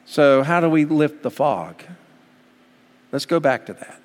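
A man's voice: a little high, lively intonation, a little slow, pauses often. A man preaching a sermon as pastor, from the United States, building to fervent emphasis. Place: church sanctuary. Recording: long hall reverb.

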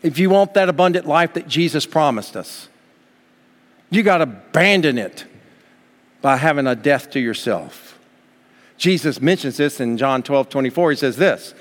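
A man's voice: on the high side, lively intonation, moderate pace. A man preaching a sermon as pastor, from the United States, building to fervent emphasis. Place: church sanctuary. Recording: long hall reverb.

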